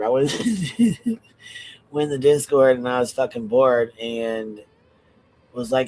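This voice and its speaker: A man's voice: mid-range voice, takes it slowly, darkish tone, poor audio. A man speaking as a panel guest on a livestream, talking loosely and rambling with plenty of swearing. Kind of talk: casual livestream chat.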